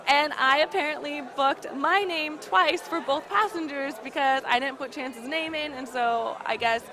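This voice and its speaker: A woman in her twenties or so, telling a frustrating travel story to camera in an exasperated, animated way, full of fillers. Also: high-pitched, normal speed. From United States. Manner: exasperated, animated retelling with frequent fillers and laughs. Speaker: vlogger. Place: busy gaming convention hall. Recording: loud crowd chatter behind.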